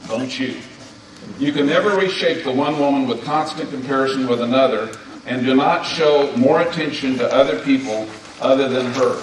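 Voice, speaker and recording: A man's voice: mid-range voice, normal speed. A man in his seventies speaking at a marriage conference, delivering a sermon-style talk to husbands and hammering home his points with repeated commands. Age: 70s. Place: large conference hall. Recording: very echoey hall, distant mic, faint hiss.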